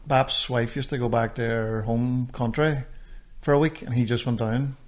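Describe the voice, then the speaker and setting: Brief: easygoing male co-host, mid-pitched, quick to agree. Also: steady tone. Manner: laid-back, agreeable, says aye a lot. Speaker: podcast co-host. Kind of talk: casual banter.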